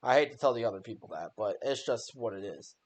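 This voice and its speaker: A man's voice: medium pitch, animated, quick pace. A young man giving a casual voice-over on his own game run, joking and exasperated at his own plays. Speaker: gaming YouTuber.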